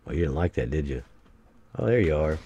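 A man giving excitable commentary while playing a survival game, taunting enemies and breaking into sudden loud outbursts. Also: extremely low pitch, a little fast, highs cut off, slight background noise. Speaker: gameplay streamer. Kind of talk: let's play commentary.

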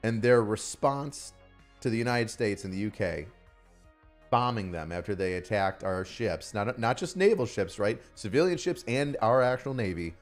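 A man's voice: fairly low pitch, lively intonation, moderate pace, faint music behind. A man giving profane, mocking live-stream commentary on a news video, often bursting into laughter.

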